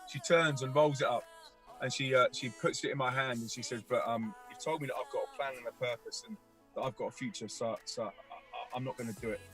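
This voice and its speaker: A man telling a vivid personal story as a guest, energetic, acting out the voices of people he quotes. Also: mid-range voice, quick pace, soft background music. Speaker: guest musician and youth speaker. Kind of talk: animated storytelling.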